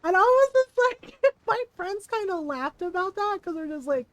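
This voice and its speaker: This woman livestreamer has an extremely high, very animated voice and speaks at a moderate pace, captured on a rough recording. She shares a story casually mid-game, frequently laughing and acting out what people said.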